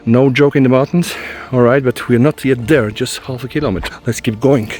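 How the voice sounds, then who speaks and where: Male tech reviewer, mid-pitch, slightly breathless, casual trail walk-and-talk outdoors. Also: a little fast, a little mellow. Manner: chatty, addresses viewers as guys. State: out of breath from fast walking.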